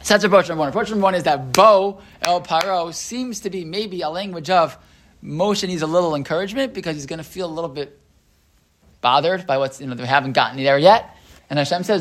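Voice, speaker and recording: A man's voice: on the high side, a little fast, a bit bright. A man leading a text study class, aloud and explaining them, thinking aloud with frequent restarts and "right?" checks to the group. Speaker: Torah teacher.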